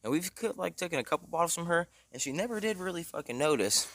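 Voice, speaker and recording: A man's voice: fairly high pitch, expressive, fast, fairly bright tone, no echo, studio quality. A young man telling a casual story, rambling with lots of slang, fillers and cursing. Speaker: storytime vlogger.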